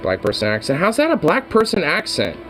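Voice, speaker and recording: A man's voice: a little high, huge pitch swings, brisk, a bit bright, soft background music, low-quality recording. A man streaming and chatting casually, swearing constantly and rambling heatedly with lots of fillers.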